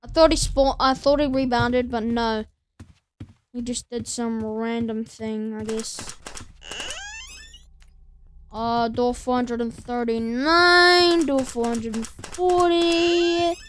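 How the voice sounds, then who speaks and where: A woman with a slightly high voice, accompanied by a little hiss or hum, provides casual let's-play commentary as a gameplay streamer. She chats to the game's monsters and counts doors out loud.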